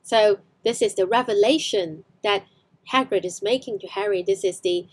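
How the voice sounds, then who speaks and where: A woman's voice: mid-range voice, moderate pace. A woman with a Hong Kong accent teaching English online, explaining film scenes with frequent fillers and self-corrections.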